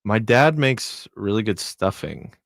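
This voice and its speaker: A man's voice: on the low side, expressive, measured pace, dry recording, studio quality. Easygoing, rambling male radio producer. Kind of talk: casual chat on a livestream.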